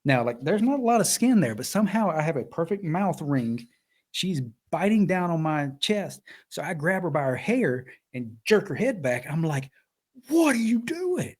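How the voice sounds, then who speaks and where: Animated man telling stories. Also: on the high side, normal speed. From Alabama. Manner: animated storyteller, acts out quoted voices. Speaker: podcast co-host. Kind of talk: casual storytelling chat.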